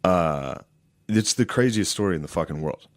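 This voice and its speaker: A man with a very low voice tells a long story on a podcast, circling back and restarting as he goes. His talk is casual and full of swearing. The sound is close and dry. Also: lively intonation, moderate pace, no room sound. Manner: rambling, profane storytelling with many restarts. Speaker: podcast co-host.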